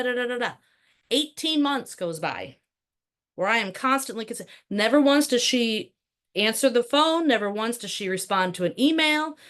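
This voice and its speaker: A woman teaching a live workshop as a real estate trainer. She talks in a lively, conversational way full of rhetorical questions. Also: on the high side.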